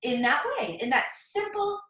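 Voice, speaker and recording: A woman's voice: sits high, very animated, measured pace, sharp tone, far from the mic. A woman co-host in casual chat, enthusiastic and gushing. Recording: echoey room from afar.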